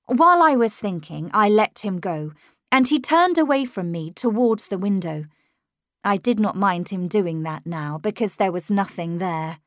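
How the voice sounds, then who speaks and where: A woman narrating a classic ghost story as an audiobook in the first person, with measured, expressive delivery on a close studio mic. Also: medium pitch, no echo. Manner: measured and expressive, dramatic at tense moments.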